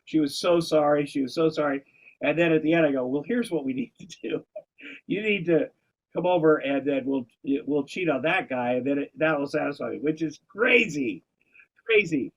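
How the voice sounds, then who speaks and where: A man's voice: on the high side, moderate pace, poor audio. A man hosting a podcast in casual chat, rambling through his own stories, breaking off mid-sentence and restarting, swearing now and then. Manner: rambling, self-interrupting storyteller, swears casually. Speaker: podcast host.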